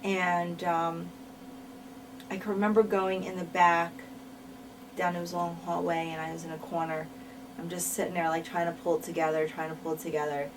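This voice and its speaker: In a candid shoot interview about her wrestling career, a woman tells stories frankly and repeats words for emphasis. Her lowish voice has little pitch movement and a normal pace, and the distant mic picks up faint noise.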